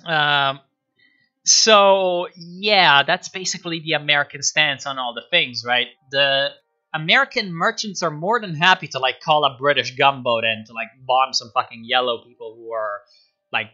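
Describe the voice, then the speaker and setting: A man's voice: mid-range voice, bright, forceful tone, muffled recording. A man streaming a rambling, sardonic history chat, full of fillers and asides. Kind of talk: casual history talk on a live stream.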